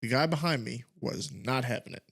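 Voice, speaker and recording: A man co-hosting a podcast, chatting casually in a relaxed, matter-of-fact way. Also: medium pitch, fairly quick, vocal fry. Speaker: podcast co-host. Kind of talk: casual chat.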